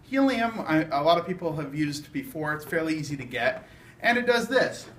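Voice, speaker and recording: Brief: male science demonstrator, upbeat high voice, informal classroom chat, echoey room with slight background hum. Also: very animated, moderate pace, a bit bright. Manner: explanatory, chatty with fillers. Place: university lab room.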